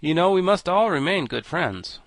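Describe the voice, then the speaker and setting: A man's voice: sits high, lively intonation, normal speed, no room sound, voice pushed up. Man doing a meek, polite young boy.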